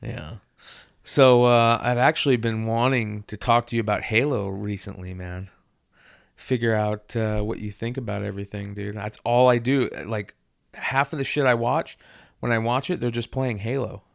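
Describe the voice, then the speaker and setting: A man with a gravelly, creaky voice tells a long rambling story on a podcast. He swears constantly and acts out the people he quotes. The sound is dry and close to the mic. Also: medium pitch, steady tone, moderate pace, dry recording. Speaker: podcast co-host. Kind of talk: casual chat.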